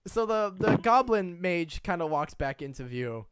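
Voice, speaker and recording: A man's voice: high voice, lively intonation, measured pace, smooth, no room sound. Brief: playful male game master, rambling narration, dry recording.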